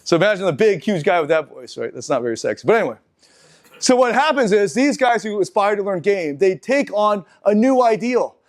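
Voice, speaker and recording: A middle-aged man giving a live seminar lecture, talking in an animated, halting way with restarts and asides to the audience. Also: sits high. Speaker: seminar speaker.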